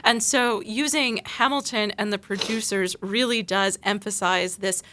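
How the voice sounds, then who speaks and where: Bright-voiced woman explaining analytically. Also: medium pitch, steady tone, unhurried, slight background noise. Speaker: panel guest discussing her essay. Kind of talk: academic panel discussion.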